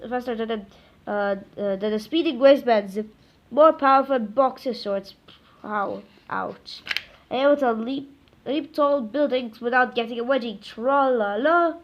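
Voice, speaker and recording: A woman reading a children's book aloud, halting often with stumbles and self-corrections. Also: on the high side, muffled recording. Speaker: reader.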